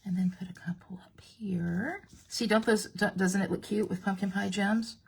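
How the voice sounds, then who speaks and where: A woman's voice: medium pitch, steady tone, moderate pace, vocal fry, husky. A woman giving a casual card-making tutorial, chatty and playful, speaking directly to her viewers as she works.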